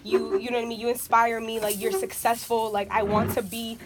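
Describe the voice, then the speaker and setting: A young woman in her twenties speaks a heartfelt birthday toast, her fairly high voice close to tears. She rambles, leaning on "like" and "you know what I mean". Clear background noise runs underneath. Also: level tone, fairly quick. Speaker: friend giving a birthday toast. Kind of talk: heartfelt party speech. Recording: noisy room.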